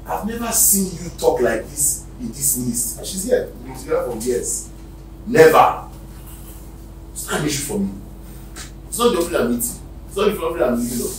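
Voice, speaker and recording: A Nigerian-accented man preaching a sermon as pastor, swinging from loud shouted exhortations to quiet near-whispers. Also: on the high side, sing-song, brisk, pauses often. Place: church hall. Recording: echoey hall, distant mic, faint noise.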